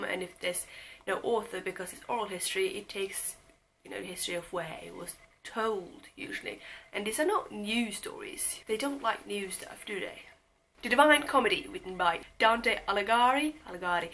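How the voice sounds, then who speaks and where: A woman's voice: medium pitch, pushed and bright, a little hiss or hum, low-quality recording. A young woman giving a casual, rambling book talk to camera, chatty and self-deprecating, with lots of fillers. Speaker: book vlogger.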